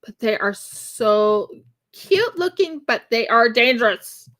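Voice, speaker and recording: A woman's voice: a little high, level tone, measured pace, fairly bright tone. A woman chatting casually and rambling on a live stream while she crafts. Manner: chatty and rambling, with laughs and fillers.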